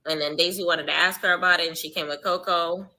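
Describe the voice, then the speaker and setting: Bright-voiced Southern US woman reacting live. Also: on the low side, quick pace. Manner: animated, slangy, laughs often. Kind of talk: casual live TV reaction commentary.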